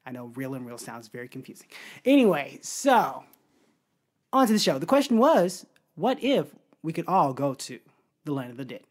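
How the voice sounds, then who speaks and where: A woman's voice: deep voice, big pitch swings, normal speed, darkish tone. A young woman co-hosting a casual podcast, chatty, laughing often and acting out little bits. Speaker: podcast co-host. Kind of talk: casual chat.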